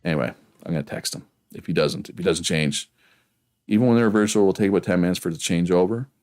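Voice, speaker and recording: A man with a Prince Edward Island accent rambles casually through a game stream, reading chat as he goes. His voice sits low and deep. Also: fast, a little mellow. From Prince Edward Island, Canada. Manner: rambling, chatty, reads chat aloud.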